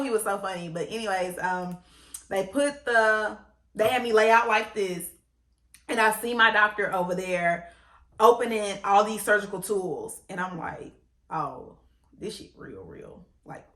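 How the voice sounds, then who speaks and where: A young woman vlogger telling her story in a casual, animated way, blunt and full of laughs and swearing. Her voice is bright and forceful. She sounds like she is in an echoey room. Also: medium pitch.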